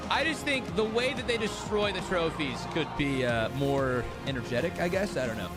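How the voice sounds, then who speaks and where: Animated, high-voiced male streamer, rambling. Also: moderate pace, over loud music. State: sleepy, yawning. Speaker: streamer hosting a watch party. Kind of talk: casual live-stream chat.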